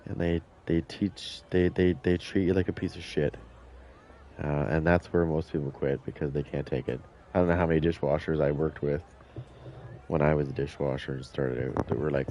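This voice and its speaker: A gaming streamer tells boastful, profane stories while chatting casually during a game, swearing a lot and acting out what people said. His voice is extremely low and mellow, steady in tone at a moderate pace, with slight background noise.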